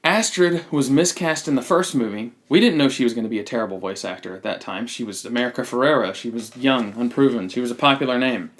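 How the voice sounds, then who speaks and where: A man's voice: mid-range voice, quick pace, hardly any pauses. A man with a mid-range voice chats casually about a film on a podcast. He is blunt and opinionated, often stumbling and restarting his phrases. He keeps an everyday conversational tone. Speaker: podcast host. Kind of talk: casual movie review chat.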